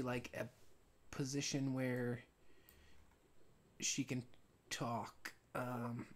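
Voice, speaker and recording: A man live streaming while he animates, telling a casual story with many restarts and frequent throat clearing. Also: medium pitch, slight background noise. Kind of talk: rambling casual anecdote.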